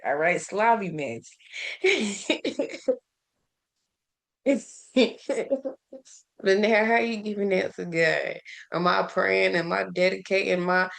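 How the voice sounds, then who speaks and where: A woman's voice: fairly low pitch, creaky. A woman talking casually about faith, asking listeners rhetorical questions, laughing often and often restarting her sentences. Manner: repeats words and restarts often. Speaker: faith and self-care vlogger. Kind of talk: casual spoken devotional.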